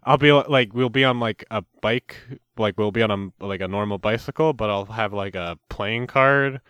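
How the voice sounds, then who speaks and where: A man co-hosting a comedy podcast, rambling and cursing with mock outrage. His voice is smooth and resonant, and it sits in a dead, dry recording. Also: lowish voice, moderate pace, a bit bright, no room sound. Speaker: podcast co-host. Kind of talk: casual comedic chat.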